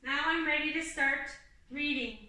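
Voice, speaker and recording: A woman teaching an online kindergarten class, slow and patient, talking to young children and singing simple teaching songs. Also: high voice, sharp tone, heavy reverb, distant mic, a little hiss or hum, low-quality recording.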